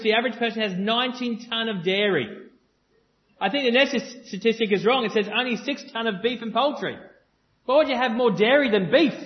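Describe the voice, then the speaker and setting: A man with a high voice preaches to a live congregation, pressing his points through repetition and breaking into playful back-and-forth with the room. The recording sounds dull and lo-fi. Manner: earnest and emphatic, repeats phrases, jokes with the audience. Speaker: pastor.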